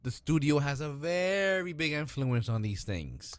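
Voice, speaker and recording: A man co-hosting a casual chat about TV shows, animated and swearing, acting out characters as he tells the story. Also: fairly high pitch, a little slow. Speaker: podcast co-host.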